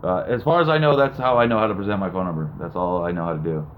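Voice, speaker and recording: Man, laid-back rambling host, lowish voice, tinny phone-quality sound, noisy background. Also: very fast. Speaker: live show host. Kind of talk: casual live-stream chat. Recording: phone-like lo-fi with noise.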